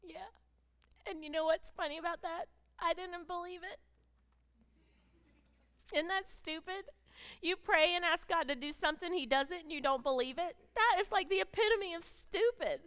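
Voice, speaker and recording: A middle-aged woman telling her story as a sermon to a group of women, moving from hushed storytelling to fervent, emotional exclamations. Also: extremely high pitch, normal speed, pauses often. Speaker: speaker at a women's gathering. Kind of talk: testimony sermon.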